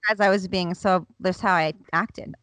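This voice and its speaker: A woman co-hosting a podcast in casual chat, telling animated stories and swearing freely. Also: lowish voice, moderate pace, no room sound. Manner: animated storyteller, acts out quotes, swears. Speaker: podcast co-host.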